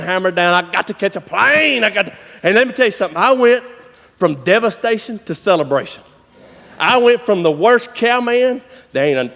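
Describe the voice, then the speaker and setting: A man telling a story in a lively, folksy sermon, breaking into shouts and laughter. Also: sits high, vocal fry. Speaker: conference speaker. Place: large church hall. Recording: long hall reverb.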